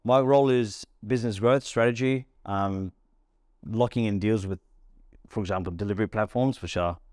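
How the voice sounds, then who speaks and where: A man's voice: fairly low pitch, smooth, no room sound, clean studio sound. A man, a restaurant founder, telling stories in a casual podcast interview and acting out bits of dialogue. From Australia. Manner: rapid, animated storytelling with acted-out dialogue.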